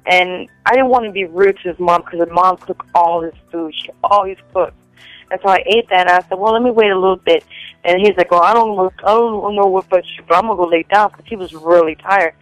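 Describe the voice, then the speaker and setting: A woman's voice: medium pitch, fast, dry recording, soft background music, low-quality recording. Chatty woman telling stories. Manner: rambling, lots of "like" fillers, animated quoting. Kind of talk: casual storytelling chat.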